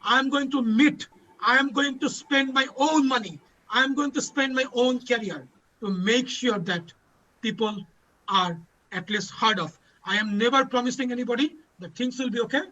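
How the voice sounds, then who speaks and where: A man's voice: very high voice, normal speed, sharp tone, a little hiss or hum. A man hosting a community panel, giving an emotional speech and repeating lines for emphasis. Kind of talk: impassioned advocacy speech. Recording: dull lo-fi audio.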